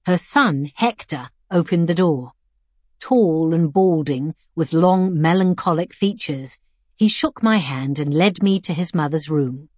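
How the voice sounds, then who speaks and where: Woman storyteller, reflective and measured; breathy, low voice on a dry recording. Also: lively intonation, darkish tone, dry recording. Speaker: narrator. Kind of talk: scripted first-person story narration.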